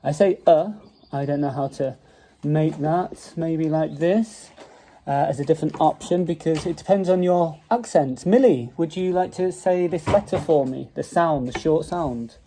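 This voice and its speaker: Staffordshire guy teaching vowels at the kitchen table, slow and patient, mellow voice, phone propped up on the table. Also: fairly high pitch, slight background noise, poor audio. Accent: English Midlands, Staffordshire. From English Midlands. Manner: patient, drawn-out repetition of vowel sounds. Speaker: English teacher. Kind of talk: home phone-video phonics lesson. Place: home dining room with children present. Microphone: mobile phone propped on table.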